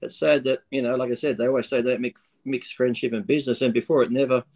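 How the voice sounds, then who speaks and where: A man's voice: medium pitch, flat delivery, fast talker, a little mellow. A man guesting on an interview, telling a story in a casual, laughing way with frequent swearing. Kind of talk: casual chat over a call.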